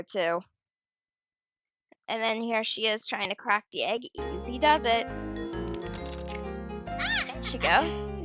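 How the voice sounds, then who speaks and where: A woman chattily explaining her fan storyboard, giggly and full of restarts, on a dull lo-fi recording. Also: a little high.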